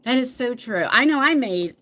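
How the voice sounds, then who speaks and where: A chatty middle-aged woman hosting a relaxed live chat with viewers. Her voice sits fairly high and swings a lot as she talks. She laughs easily and trips over her words. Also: moderate pace. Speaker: livestream host reading viewer comments. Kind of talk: casual chat.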